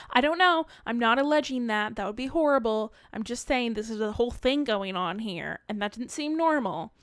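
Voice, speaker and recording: A woman's voice: a little high, expressive, moderate pace, hardly any pauses, no echo, studio quality. Wry woman reading game text aloud. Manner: wry, swears casually, muttered asides. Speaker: gamer playing on her channel.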